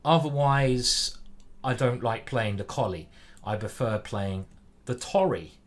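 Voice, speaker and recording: English male streamer, relaxed running commentary on his moves, talks straight to chat. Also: medium pitch, slow. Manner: chatty, reads viewer chat aloud. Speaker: chess streamer. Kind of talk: live-stream commentary while playing.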